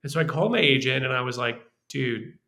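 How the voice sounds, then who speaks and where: A man, a screenwriter guest on a podcast, telling animated stories about his work in a casual way. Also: mid-range voice, fast talker. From Los Angeles. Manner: animated, restarts and acts out quoted voices.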